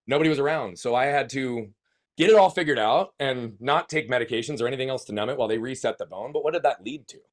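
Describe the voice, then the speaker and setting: Guy, thirties, animated storyteller who swears and asks rhetorical questions. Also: medium pitch, quick pace. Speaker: guest. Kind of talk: conversational storytelling.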